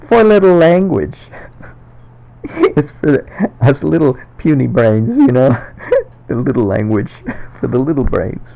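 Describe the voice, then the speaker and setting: A man's voice: medium pitch, creaky, dark tone. A man at home talking in a casual, rambling monologue for his own video, chuckling often. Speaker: video maker. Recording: dull lo-fi recording.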